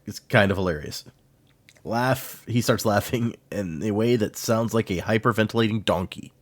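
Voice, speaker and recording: A man's voice: fairly low pitch, moderate pace, no room sound. A man co-hosting a podcast, animatedly retelling a book's plot in casual chat and often laughing. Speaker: podcast co-host. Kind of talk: casual book discussion.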